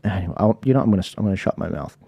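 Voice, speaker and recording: A man's voice: low-pitched, expressive, racing, creaky, husky, no echo, highs cut off. A man hosting a livestream, commenting live with exasperated sighs and apologies to his viewers. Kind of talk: live commentary over stream.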